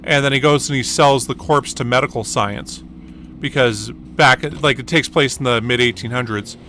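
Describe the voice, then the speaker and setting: Guy chatting while he plays a game, bright kinda sharp voice, rambles with lots of uhs, faint game noise behind. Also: medium pitch, fairly even intonation, normal speed. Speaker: gaming channel host. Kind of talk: casual gameplay commentary.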